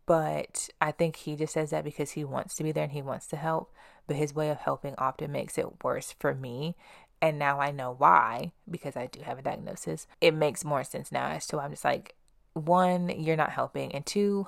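A woman's voice: sits low, fairly even intonation, a little fast, creaky, dry recording. Young woman, podcast host, dry close sound, casual swearing, personal story. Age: young adult. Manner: blunt, casual, swears freely.

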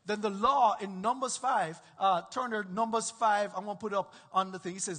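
A man's voice: high voice, a little fast, hardly any pauses, pushed and bright, long reverb tail. A man preaching a sermon as pastor, emphatic and repetitive, often checking in with his listeners.

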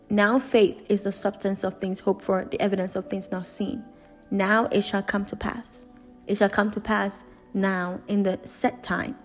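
A woman's voice: mid-range voice, little pitch movement, normal speed, faint music behind. A woman preaching a sermon in an earnest, emphatic way, repeating and restarting her phrases.

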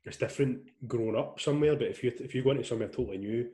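A man's voice: mid-range voice, racing, warm tone. A man hosting a casual interview, asking long, rambling questions full of fillers. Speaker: podcast host, interviewer.

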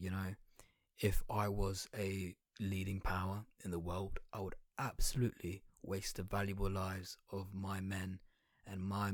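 Low, husky young guy ranting sarcastically. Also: dry recording, clean studio sound. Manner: sarcastic, crude, rambling, slangy. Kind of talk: satirical comedic rant.

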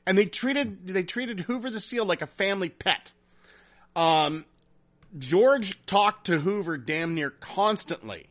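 A man hosting a casual podcast, reading listener comments and telling a story in a profane, animated way. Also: sits high, a little slow. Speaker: podcast host.

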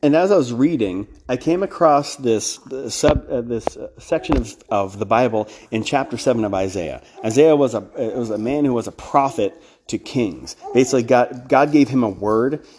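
A man's voice: medium pitch, normal speed, few pauses, darkish tone, slight background noise. A man hosting a podcast, talking in a casual preaching style, blunt and emphatic, with restarts and side remarks. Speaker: podcast host.

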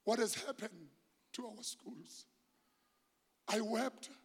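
A South African pastor with a very high voice for a man preaches with fervor, dropping to near-hushed lines and rising to shouts, weaving Zulu phrases into his English. His voice rings out in a church sanctuary with a long, trailing reverb. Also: slow, breathy edge. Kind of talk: sermon.

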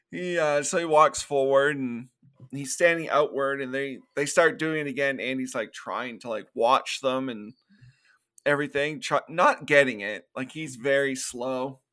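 A man with a bright, forceful voice co-hosts a casual podcast. He walks through film scenes and breaks into quick acted-out quotes, laughing often as he goes. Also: mid-range voice. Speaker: podcast co-host. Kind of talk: casual movie recap chat.

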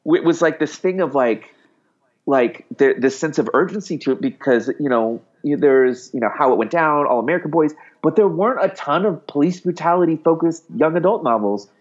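A man's voice: fairly high pitch, animated, fairly quick, dull audio. A man telling a personal story in a casual, rambling way, full of fillers and acted-out dialogue. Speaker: guest author.

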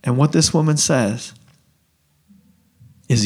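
A man preaching a sermon in a casual, conversational way, full of fillers and restarts, often dropping to a hushed, earnest voice. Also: mid-range voice, a little slow.

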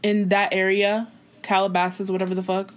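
A woman's voice: medium pitch, flat delivery, fairly quick, low-quality recording. A woman chatting casually, blunt and indignant with frequent swearing. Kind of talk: casual gossip chat.

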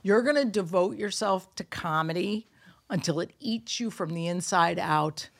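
A woman's voice: fairly low pitch, moderate pace, gravelly. A middle-aged woman comedian hosting a podcast, telling stories in a casual, profane way and acting out quotes. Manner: animated, profane storytelling with acted-out quotes.

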